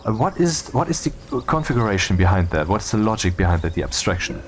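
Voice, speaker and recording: A man's voice: on the low side, big pitch swings, fast talker, slight background noise. A man talking casually over gameplay, rambling and cutting himself off, with wry asides. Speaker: video creator.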